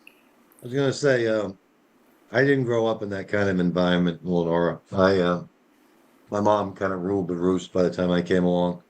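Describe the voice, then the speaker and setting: Man, lowish voice, casual storytelling, lots of "you know", rambling. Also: moderate pace. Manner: rambling, with many fillers and laughs. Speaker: discussion participant.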